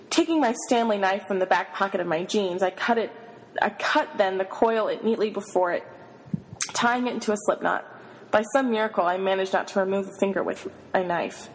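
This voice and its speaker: A woman reading a novel aloud in the first person, giving the inner monologue an expressive, flustered delivery. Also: mid-range voice, normal speed, big-room sound, slight background noise, rough recording. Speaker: reader.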